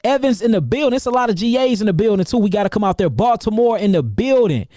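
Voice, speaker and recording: The livestream host is a high-pitched herbalist from St. Louis, Missouri, USA, hyping his viewers with rapid shout-outs he repeats again and again. Loose slang and energetic, repetitive hype carry his seminar promotion. The audio is a dry, close recording with no room sound.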